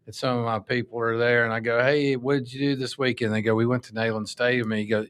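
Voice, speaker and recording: A man, co-hosting a podcast and telling stories in a lively, animated way. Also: medium pitch, fast, hardly any pauses, clean tone. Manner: animated storyteller. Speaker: podcast co-host. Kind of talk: casual chat.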